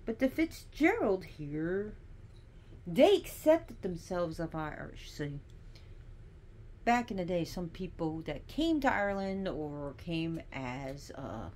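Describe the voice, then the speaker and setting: A woman's voice: fairly low pitch, very animated, slow, darkish tone, slight background noise. A woman giving a casual teaching monologue, chatty and digressive, with sassy asides.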